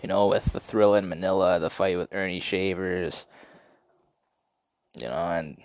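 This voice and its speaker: A man hosting a podcast, telling stories in a rambling, profane, excitable way. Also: deep voice, unhurried, no echo. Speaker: podcast host. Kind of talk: casual podcast storytelling.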